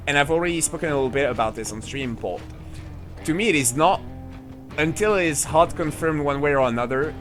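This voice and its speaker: A man with a French accent, a French native speaker, chatting casually on a live game stream in a rambling, excitable way with lots of fillers. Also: mid-range voice.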